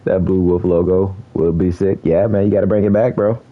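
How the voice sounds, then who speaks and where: A man's voice: low voice, fairly even intonation, a little fast, phone-quality sound. A man giving laid-back, chatty commentary on a video game, laughing often and using slang. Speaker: gaming streamer. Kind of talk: casual gameplay commentary.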